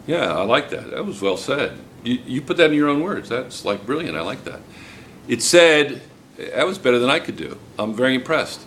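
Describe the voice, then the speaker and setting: A man's voice: medium pitch, big pitch swings, normal speed, fairly bright tone, slight background noise. Older man teaching chemistry, joking with the class. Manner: joking, teasing students while explaining. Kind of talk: classroom lecture.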